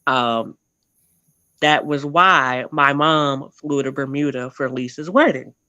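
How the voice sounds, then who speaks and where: A man's voice: on the high side, pushed and bright, no room sound. A man telling his family history as a guest in a casual interview, rambling and often correcting himself mid-sentence.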